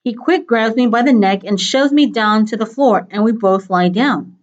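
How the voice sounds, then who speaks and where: A woman reading a novel aloud in a steady, plain storytelling manner, on a dull lo-fi recording. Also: on the high side, moderate pace. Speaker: reader.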